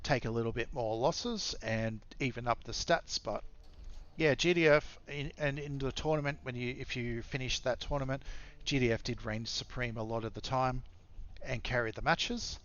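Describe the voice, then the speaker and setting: An Australian man commenting casually on a strategy game match, rambling and halting with frequent fillers. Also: medium pitch, a bit bright, dull audio. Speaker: esports caster.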